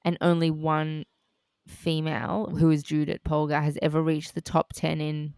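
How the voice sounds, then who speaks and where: A woman in casual chat about a show, playful with quick asides. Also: low voice, monotone, gravelly, darkish tone, clear, resonant tone, no room sound, studio quality.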